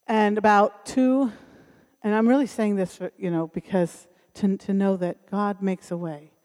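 A middle-aged woman speaks at a church service, delivering a sermon built around her personal testimony. Her mid-range, darkish voice moves at an unhurried pace with fairly even intonation as she earnestly tells the story and acts out the voices of those she quotes. A long hall reverb surrounds the recording.

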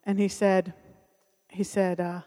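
A middle-aged woman speaking at a church service delivers a sermon built around a personal testimony, telling it earnestly and acting out the voices of those she quotes. Her voice is mid-range, level, slow and dark. The recording carries a long hall reverb.

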